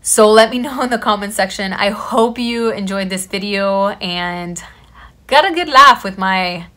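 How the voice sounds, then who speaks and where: A woman's voice: medium pitch, unhurried. A woman in her thirties, a vlogger telling a story casually to camera and acting out the quotes. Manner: animated, quotes people in her own voice.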